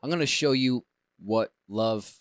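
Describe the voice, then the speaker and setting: A man's voice: medium pitch, measured pace, no echo, studio quality. A man co-hosting a podcast, telling a story in casual chat and getting worked up as he swears along the way. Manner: animated, gets worked up and swears. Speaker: podcast co-host.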